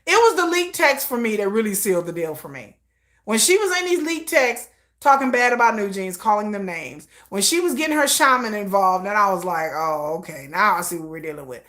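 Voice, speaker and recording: A woman hosts a livestream with a fairly high voice, giving casual commentary. She talks bluntly and with emphasis, dropping slang and profanity and laughing often. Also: big pitch swings, fairly quick, fairly bright tone. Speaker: livestream host.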